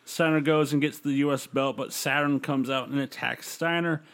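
A man's voice: medium pitch, fairly even intonation, normal speed, clear, resonant tone. A man casually recapping a wrestling show on a podcast, rambling with fillers. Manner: loose, rambling recap with fillers and quoted voices. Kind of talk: casual chat, play-by-play recap.

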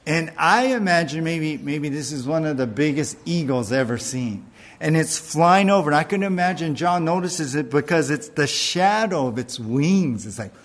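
A man delivering a sermon in an easygoing, talky style. His voice sits a little on the high side, and he slows his words down when he stresses a point. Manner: conversational preaching with fillers and restarts, slowing for emphasis. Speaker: pastor.

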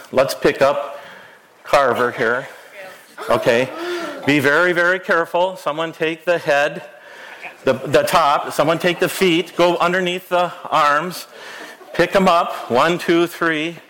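A playful pastor leading a children's story time in a church, his voice pitched a touch high as he coaches the kids through acting out each scene. he gives quick directions and asks them questions. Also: fairly bright tone, poor audio. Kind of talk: children's sermon, interactive storytelling. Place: church sanctuary.

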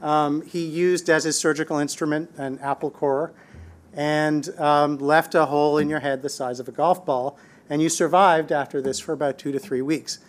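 Male researcher, a bit higher voice, hesitant interview talk. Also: steady tone. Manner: conversational, many "um" pauses. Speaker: brain tumor researcher. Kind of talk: interview answer.

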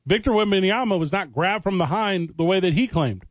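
A man's voice: high voice, lively intonation, fairly quick, no echo. A man co-hosting sports talk radio, arguing his point and choosing his words with care. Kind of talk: heated sports talk debate.

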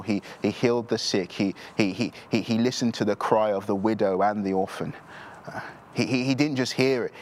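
Earnest male preacher, low voice. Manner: earnest, repetitive preaching with stammered restarts. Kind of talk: sermon.

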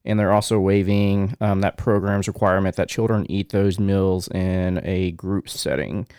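A young man co-hosts a casual podcast, hesitant and full of fillers. His voice is very low. The recording is close and dry. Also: steady tone, normal speed, darkish tone, smooth, dry recording. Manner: hesitant, many ums and likes. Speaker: podcast co-host. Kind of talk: casual news chat.

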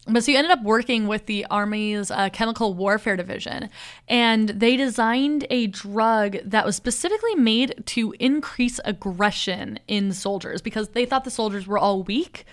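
Young woman, podcast co-host, casual chat, plot recap with filler-heavy animated delivery. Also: fairly high pitch, normal speed. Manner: animated retelling, frequent "like" fillers.

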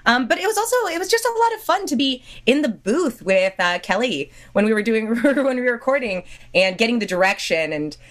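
A woman voice actor talking casually on a podcast, chatty and full of quick restarts and laughs. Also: fairly high pitch, very animated. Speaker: voice actor guest.

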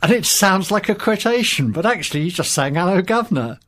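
A man's voice: sits high, expressive, brisk, a bit bright, a little hiss or hum. A man taking part as a guest in a conversational film discussion, talking articulately with wry opinions. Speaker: guest commentator.

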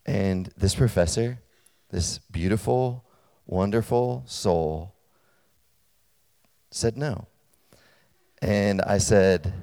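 A man preaching to college students, talking casually and checking in with them, and getting loud and animated as he tells a personal story. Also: fairly low pitch, extremely slow, vocal fry, pauses often, smooth. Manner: conversational, storytelling, checks in with listeners; grows loud and animated when telling a story. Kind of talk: sermon. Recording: long hall reverb.

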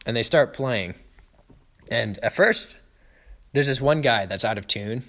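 A man's voice: mid-range voice, measured pace. A young man co-hosting a casual podcast, recapping a film scene by scene and acting out the characters' lines. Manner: animated, quoting scenes in acted voices. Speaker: podcast co-host.

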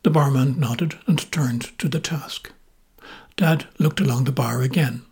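A man with an Irish accent, hosting a podcast and narrating memoir stories in a measured, gently wry manner. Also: mid-range voice, slightly rough. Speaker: podcast host and storyteller.

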